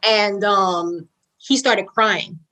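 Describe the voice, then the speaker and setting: Her mid-range voice is extremely slow, with a bright, forceful tone, and the audio quality is poor. She's a young podcast guest in a storytelling interview, sharing something personal in a casual way, frequently using "like" and "girl" and performing quoted lines with dramatic jumps in pitch.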